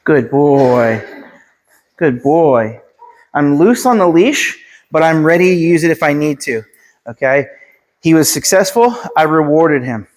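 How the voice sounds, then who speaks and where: Calm man giving dog training tips. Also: fairly high pitch, moderate pace. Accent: Pennsylvania. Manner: calm, gives short commands to the dog between explanations. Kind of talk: instructional dog training video.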